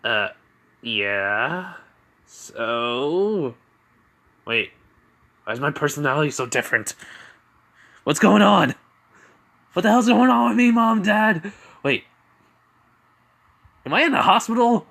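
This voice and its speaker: A man's voice: mid-range voice, lively intonation, slow pace, pauses often. A man voicing a brash, foul-mouthed young male hero who curses casually. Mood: bewildered. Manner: curses casually, shouts when annoyed.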